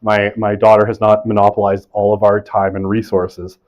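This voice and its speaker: A man's voice: fairly low pitch, completely flat delivery, normal speed, lo-fi sound. Chatty man giving a university lecture. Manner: conversational, asks "right?" often, self-deprecating asides. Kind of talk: classroom lecture.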